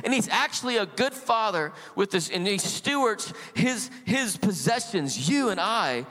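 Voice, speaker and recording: Middle-aged pastor guy preaching his testimony, animated, kinda high voice, big echoey church sound. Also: measured pace, few pauses. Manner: animated storytelling, acts out quoted voices. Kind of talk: sermon with personal testimony.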